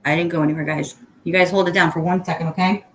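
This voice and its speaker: Middle-aged woman, chatty live-stream host at home; lowish voice, echoey room sound. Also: fairly even intonation, fast talker, fairly bright tone. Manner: chatty, talks to viewers by name, laughs often. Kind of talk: casual live-stream chat.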